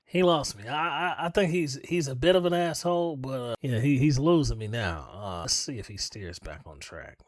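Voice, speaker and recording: A man hosting a reaction video, calmly explaining and often asking "right?" after his points. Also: medium pitch, moderate pace, few pauses, dry recording. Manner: calm, explanatory, keeps adding "right?". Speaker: reaction channel host. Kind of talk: reaction commentary.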